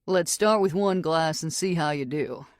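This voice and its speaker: A woman voicing a gentle, teasing male bartender who speaks softly with a Texan accent. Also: fairly high pitch, a little slow, dry recording, studio quality, lightly acted. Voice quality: soft voice.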